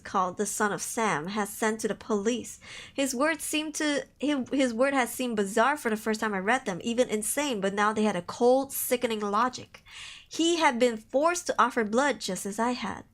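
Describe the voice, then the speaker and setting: A young woman on a livestream reads horror stories with dramatic narration. She breaks off for joking asides. Her voice sits a little high. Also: expressive, normal speed, fairly bright tone. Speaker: streamer.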